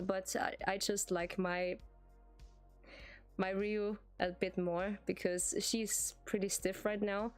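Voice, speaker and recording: A woman streamer with a German accent, a native German speaker, chatting casually in English with lots of hesitations and giggles. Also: medium pitch. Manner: hesitant, giggly, many fillers and restarts. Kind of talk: casual live-stream chat.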